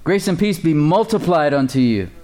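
A man's voice: fairly high pitch, lively intonation, moderate pace, darkish tone. A man preaching a sermon as pastor, calling out to the congregation for responses and chuckling often.

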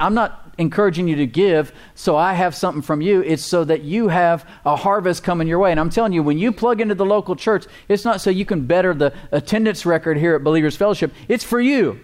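A man's voice: high voice, a little fast. A man preaching a sermon as pastor, emphatic, with call-and-response asides and repeated words for emphasis.

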